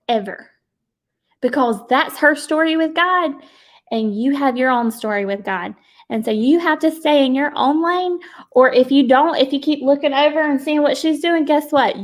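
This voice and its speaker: A woman leading a sales team, giving an emphatic, preachy motivational pep talk and speaking folksily and directly to her listeners. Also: high-pitched. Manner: emphatic and preachy, with frequent laughs.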